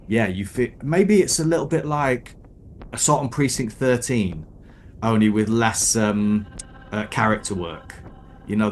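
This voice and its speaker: A relaxed man runs through his favourite films in a casual podcast chat, pausing often on "uh" and "um". His voice sits on the low side, and a faint rumble hangs under the recording. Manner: relaxed, hesitant with frequent "uh" and "um". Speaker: podcast co-host.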